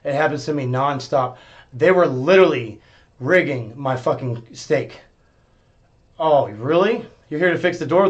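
A man with a high voice for his sex rants at his live-stream chat. He is profane and confrontational, dropping to sullen mutters, then rising to yelling. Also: measured pace. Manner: swings between muttering and yelling. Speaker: livestreamer.

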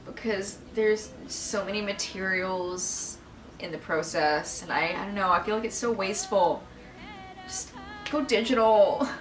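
A woman's voice: mid-range voice, unhurried, roomy sound, recorded from a distance, background noise. Candid, swearing young woman vlogger. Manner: candid and emotional, swears freely. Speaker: vlogger answering viewer questions. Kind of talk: casual Q&A chat.

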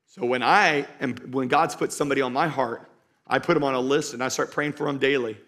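A man preaching a sermon to a live congregation as pastor, driving points home by repeating them and moving between loud urging and slow, quiet emphasis. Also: medium pitch, steady tone. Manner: emphatic, repeats key lines for stress. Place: church stage before a live congregation.

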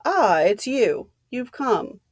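Old soldier, gentle and grave, low-key; read by a woman. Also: big pitch swings, takes it slowly, slightly rough, no room sound, clean studio sound, heavily acted. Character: old male army general, quiet and weary.

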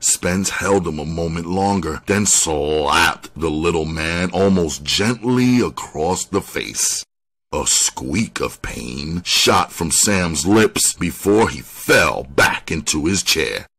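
A man narrates a crime novel in a very deep, husky voice. He reads at an unhurried, deliberate pace, letting each line settle. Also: animated, a bit bright. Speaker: audiobook reader. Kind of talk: scripted narration.

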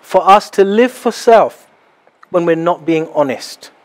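Animated preaching man, fairly high voice. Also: a little slow. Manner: animated, acts out little scenes. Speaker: pastor. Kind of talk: sermon. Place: small house church.

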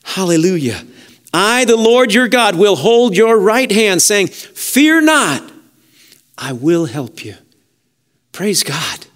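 A man preaching with a notably high voice. He moves from soft, hushed phrases to ringing calls to rejoice. He often breaks in with praise. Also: very animated, slow pace. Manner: impassioned preaching, swinging between soft hushed lines and raised exhortations; fervent, with repeated "praise God" and "hallelujah". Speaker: pastor. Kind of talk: sermon.

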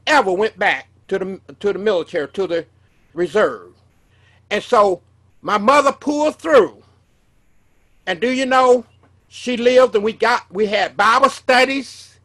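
A man's voice: high voice, bright, forceful tone. A man, telling a personal testimony as a sermon in an earnest way, often repeating and restarting his words. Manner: earnest storytelling with repetitions and restarts. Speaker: preacher.

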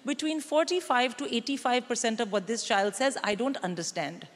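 On a large theatre stage, a middle-aged woman performs stand-up, punchy and conspiratorial as she mock-lectures the crowd. Her voice is on the high side at a moderate pace, recorded live in a theatre hall with an audience.

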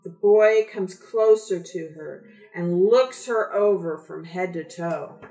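Woman author reads her kids' book aloud, unhurried and expressive, roomy echo. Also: on the low side, soft background music. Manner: slow, expressive storytelling. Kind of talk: reading a picture book aloud. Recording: echoey room.

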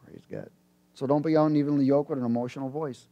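A man preaching a sermon, animated, jumping from loud bursts to low asides and laughing between points. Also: quick pace, gravelly, lo-fi sound.

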